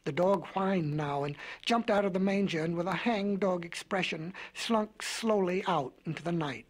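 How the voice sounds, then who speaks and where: Breathy, whimsical male storyteller. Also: high-pitched, moderate pace. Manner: gentle, whimsical, folksy storytelling. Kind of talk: storybook record narration.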